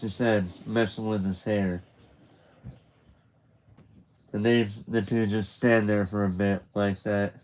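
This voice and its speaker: A man's voice: lowish voice, level tone, unhurried, a little mellow, low-quality recording. A man narrating a graphic novel aloud on a live stream, casual and chatty, with restarts and asides. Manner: loose and chatty, with restarts and laughter.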